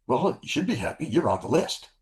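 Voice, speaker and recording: A man doing a chirpy high-voiced woman engineer. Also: big pitch swings, fairly quick, husky. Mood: cheerful. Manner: bright chirpy falsetto. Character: cheerful female company engineer, upbeat.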